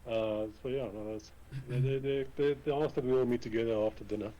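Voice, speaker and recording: A man's voice: mid-range voice, fairly even intonation, fast talker, dark tone, muffled recording. A man playing his character in a tabletop game, casual and rambling, often laughing. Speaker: player.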